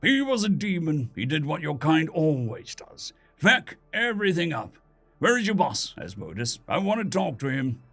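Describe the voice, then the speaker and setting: A man's voice: sing-song, normal speed, fairly bright tone, faint music behind, full character voice. A man voicing a furious, arrogant male archdemon who screams and sneers. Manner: screaming, high and strained.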